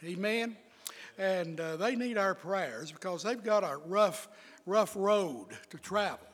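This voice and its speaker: Man, high voice, slow deliberate preaching, church reverb. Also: a bit bright. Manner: slow, measured delivery with drawn-out emphasis. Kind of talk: sermon. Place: church sanctuary with long reverb.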